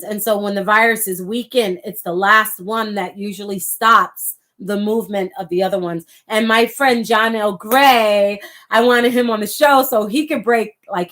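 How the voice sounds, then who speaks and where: A woman's voice: medium pitch, a bit bright. Impassioned woman hosting a livestream. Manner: impassioned, reads viewer comments aloud. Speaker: livestream host. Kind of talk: casual livestream talk.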